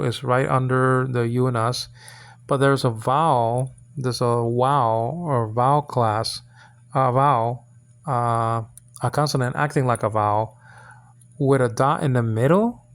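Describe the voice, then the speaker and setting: A man hosting his own channel and teaching Hebrew letters from the Bible in an informal lesson. He halts, repeats words and checks in with his listeners. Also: mid-range voice. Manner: halting, repeats words, many fillers; coaxing checks like "okay?" and "you understand?".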